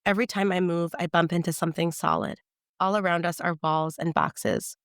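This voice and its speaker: A woman reading her novel aloud in the first person, in a measured, tense storytelling manner. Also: lowish voice, fairly even intonation, a bit bright, dry recording, clean studio sound.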